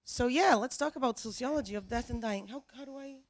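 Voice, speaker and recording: A woman's voice: a little high, quick pace. A woman professor giving a lecture on a panel, friendly and asking the audience questions.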